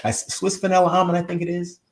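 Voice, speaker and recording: A man's voice: high voice, completely flat delivery, fast talker, roomy sound. A man hosting a live online show from his home on a new microphone, talking casually and rambling straight to his viewers. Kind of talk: casual live-stream chat.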